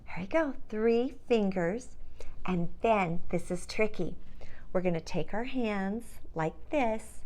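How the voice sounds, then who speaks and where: Slow-talking cheerful preschool teacher woman. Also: mid-range voice, a little mellow. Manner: slow, cheerful, encouraging, speaking to small children; sings a slow children's song. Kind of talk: preschool lesson.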